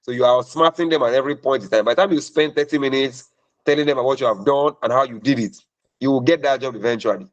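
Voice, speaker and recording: A man's voice: medium pitch, quick pace, dull audio. A man talking as a career mentor in a question-and-answer session, emphatic and preachy, repeating points for stress.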